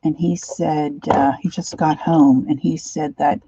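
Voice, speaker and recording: A woman casually chatting through a craft livestream from her home craft room, rambling and sometimes dropping into soft whispered asides. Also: low voice, fairly even intonation, measured pace, dull audio, slight background noise.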